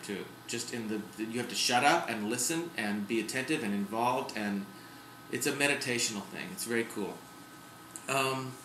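A man's voice: medium pitch, slight background noise. A middle-aged man talking candidly to his camera at home in a casual vlog. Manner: chatty and candid, with sudden loud outbursts. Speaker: vlogger. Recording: echoey room.

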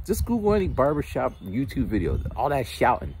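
A man's voice: mid-range voice, wildly swooping pitch, a little fast, a little mellow, slight background noise. A man talking outdoors in the cold in a casual, rambling monologue, often repeating words. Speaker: vlogger.

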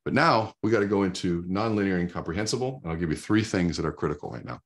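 Deep-voiced middle-aged guy, punchy motivational speaker, repeats stuff for emphasis. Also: expressive, quick pace. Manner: emphatic, conversational, repeats points. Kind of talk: motivational talk.

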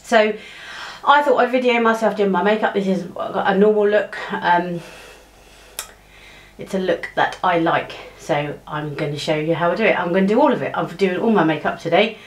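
A woman's voice: lowish voice, moderate pace. A woman chatting casually to camera as she does her makeup, rambling with many fillers and restarts, recorded on a cheap clip-on mic at home. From England. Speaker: beauty vlogger. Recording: echoey room sound.

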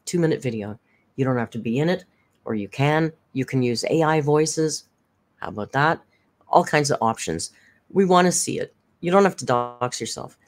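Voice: medium pitch, expressive, normal speed. A tired live-stream host chatting casually, thanking viewers and reading their messages aloud. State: tired, worn down by caregiving.

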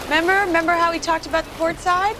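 An actress in her thirties playing a bossy young woman who teaches a friend to sail, coaxing him and then shouting in exasperation. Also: extremely high pitch, little pitch movement, rapid-fire. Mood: patient coaching. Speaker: sitcom character. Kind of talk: sitcom acting. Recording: noisy TV soundtrack with studio laughter.

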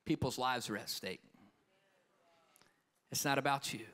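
A man's voice: medium pitch, measured pace, fairly bright tone. A man preaching a live conference sermon as an evangelist, emphatic and storytelling, calling out for an amen. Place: conference hall with live audience.

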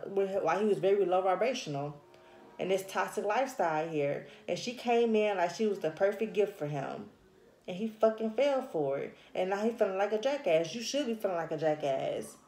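A woman's voice: mid-range voice, darkish tone, echoey room. A woman reading tarot to camera in a blunt, scolding, heavily profane casual manner. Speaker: tarot reader.

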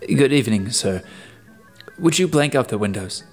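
A man's voice: mid-range voice, animated, moderate pace, big-room sound, faint music behind, natural voice. A man voicing a tense male detective from Earth who speaks sharply and sounds strained, in an audiobook reading. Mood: shaken.

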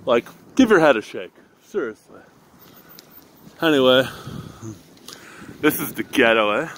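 A Canadian man vlogs from his bicycle in winter traffic, filming on a handheld phone as he rants and swears casually to viewers. Slightly out of breath, he speaks at medium pitch in an animated, unhurried and somewhat bright way, with a little hiss or hum in the audio.

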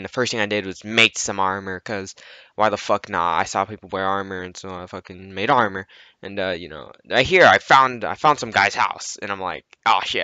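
A man's voice: fairly low pitch, bright, forceful tone, smooth, no room sound. A man narrating his gameplay in a casual, rambling way, swearing constantly. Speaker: gameplay commentator.

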